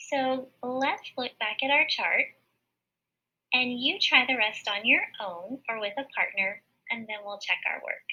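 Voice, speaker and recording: Woman teacher doing a kids phonics lesson, bright husky voice, kinda muffled lo-fi audio. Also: fairly high pitch. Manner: slow, clear, patient step-by-step explaining. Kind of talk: recorded phonics lesson for children. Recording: dull lo-fi recording.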